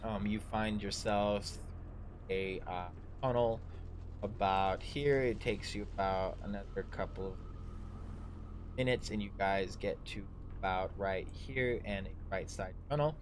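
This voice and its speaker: A man with a low voice runs a tabletop game as dungeon master, improvising the scene as he goes. His narration is halting and loose, and it is recorded for a livestream with a faint noise underneath.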